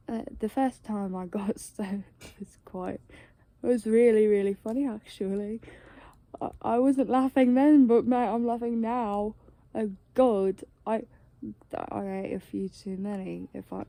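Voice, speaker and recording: A woman's voice: mid-range voice, warm tone, no room sound. A tired woman talking in a casual, rambling monologue, full of "like" and the odd swear word. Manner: meandering, heavy use of "like" and swearing.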